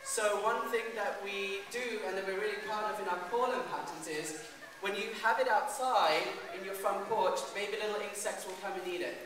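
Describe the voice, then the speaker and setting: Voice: mid-range voice, normal speed. A teacher from India introducing the lesson to a class of children and getting them to repeat words. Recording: echoey hall, distant mic.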